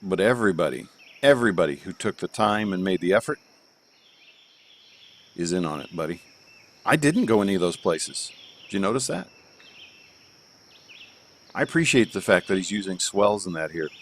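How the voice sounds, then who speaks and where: A man with a fairly low voice gives casual live commentary on a golf game from home. He rambles and jokes, thinking out loud with lots of ums. Faint crickets chirp in the background. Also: expressive, normal speed, long pauses, a little hiss or hum. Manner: rambling, joking, thinks aloud with fillers. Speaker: streamer reviewing user-made golf courses.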